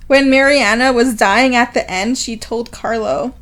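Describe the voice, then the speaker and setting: A woman co-hosting a book podcast, casually retelling a novel's chapter in a giggly, lively way. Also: a little high, unhurried. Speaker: podcast co-host.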